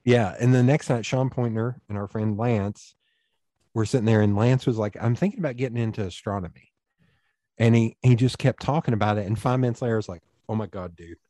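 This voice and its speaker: Man, warm mellow voice, dry close sound, rambling anecdotes with acted-out dialogue. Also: mid-range voice, steady tone, a little fast, dry recording. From East Tennessee, USA. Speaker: podcast guest. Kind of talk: casual storytelling conversation.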